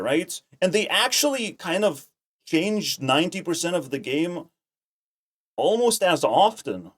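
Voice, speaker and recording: Profane ranting male streamer, higher voice. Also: big pitch swings, a little slow, fairly bright tone. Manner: heated, profane, repeats himself when worked up. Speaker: streamer reacting to clips. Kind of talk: casual ranting commentary.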